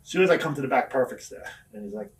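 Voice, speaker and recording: Male guest, fast foul-mouthed storyteller, mic set back from him. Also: medium pitch, expressive, recorded from a distance. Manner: profane, laughing anecdote telling. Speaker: wrestler guest. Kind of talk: storytelling shoot interview.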